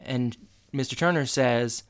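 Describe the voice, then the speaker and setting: A man's voice: mid-range voice, a little slow, clean tone. A man co-hosting a casual chat, retelling a TV episode and acting out characters' lines in a playful way. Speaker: podcast co-host.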